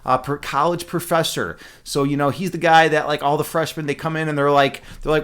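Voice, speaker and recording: A man's voice: on the high side, brisk, fairly bright tone, smooth. A man streaming live, chatting loosely with his viewers, rambling with many fillers and restarts and laughing at his own jokes. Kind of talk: casual chat with live chat.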